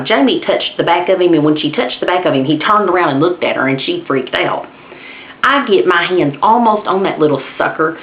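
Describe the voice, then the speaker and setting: A woman tells a comic story straight to her camera, animated and acting out every voice. Her voice sits a little low. The sound is dull and roomy, like an old home video with faint hiss. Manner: animated, acts out voices, laughs at herself. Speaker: vlogger.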